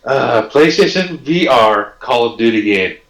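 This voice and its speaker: A man's voice: mid-range voice, animated, measured pace. A man co-hosting a podcast in a mid-range voice, joking crudely and talking animatedly. The room around him is noticeably roomy and echoey. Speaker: podcast co-host. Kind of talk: casual podcast chat.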